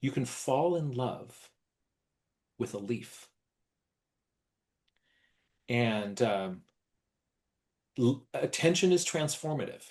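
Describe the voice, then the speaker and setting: A middle-aged man leading an online workshop, animated, acting out gushing praise in a high voice. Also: slow pace, long pauses. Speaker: workshop presenter.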